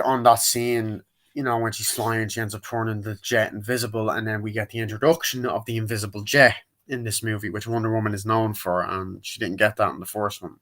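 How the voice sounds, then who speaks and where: A man's voice: fairly low pitch, a bit bright. Rambling, swearing young-sounding man reviewing a film. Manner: rambling, profane and jokey, many fillers. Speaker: movie reviewer. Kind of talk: casual spoken movie review.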